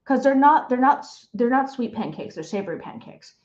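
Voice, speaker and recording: Enthusiastic young woman streamer, slightly high-pitched, chatty; dull, low-fi mic sound. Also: animated, brisk, darkish tone. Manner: chatty, enthusiastic, repeats herself. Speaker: streamer host. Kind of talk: casual live-stream chat.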